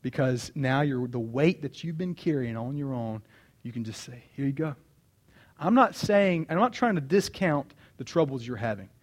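A man's voice: medium pitch, expressive, moderate pace. A man in his thirties preaching a sermon, earnest and personal, repeating key phrases for emphasis. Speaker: pastor.

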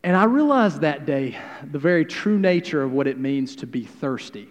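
A man preaching a sermon, swinging from hushed, quiet passages to loud, emphatic declarations. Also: fairly high pitch, very animated, moderate pace. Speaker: pastor. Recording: long hall reverb.

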